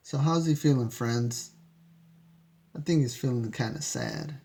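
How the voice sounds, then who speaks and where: A man's voice: mid-range voice, a little slow, pauses often, a little mellow. A man reading a picture book aloud to children, chatty and asking listeners questions between pages. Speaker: storyteller. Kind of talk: children's read-aloud storytime.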